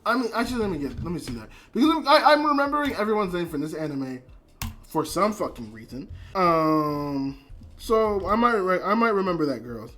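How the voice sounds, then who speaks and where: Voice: mid-range voice, sing-song, fairly quick, a bit bright. A speaker giving a casual spoken anime review, rambling with lots of filler words, restarts and casual swearing. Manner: emotionally invested, trails off and restarts.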